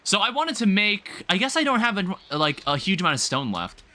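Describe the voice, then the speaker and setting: A man's voice: high voice, sing-song, brisk, sharp tone. A man livestreaming a game, chatting casually with viewers in a rambling, self-correcting way with the odd light swear. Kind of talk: casual gameplay commentary.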